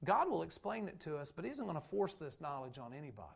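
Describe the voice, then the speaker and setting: This pastor preaches fast in a laid-back, talky style, breaking off to restart sentences and performing others' words. For a man his voice is high, with a gravelly quality.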